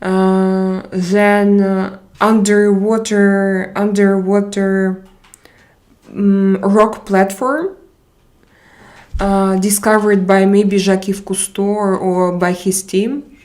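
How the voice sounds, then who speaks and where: Slow, hesitant woman streamer. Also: medium pitch, flat delivery, a little mellow. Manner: hesitant, searching for words with many pauses. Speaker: livestream host. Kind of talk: casual livestream chat, reading comments aloud.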